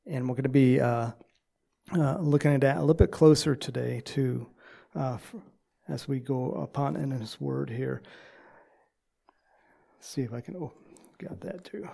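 A man preaching a sermon and telling a story, in a halting way with many pauses and filler sounds. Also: medium pitch, gravelly, mellow, breathy edge. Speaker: pastor.

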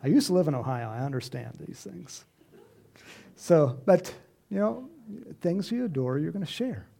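A middle-aged man preaching an informal sermon, animated and chatty, acting out voices and chuckling as he speaks to the congregation. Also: a little high, moderate pace, creaky, slight background noise. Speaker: pastor.

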